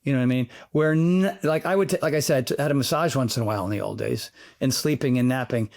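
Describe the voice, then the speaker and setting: A man, a fitness trainer, chatting as an interview guest, telling animated, rambling stories peppered with sound effects. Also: mid-range voice, fast, vocal fry. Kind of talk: casual interview chat.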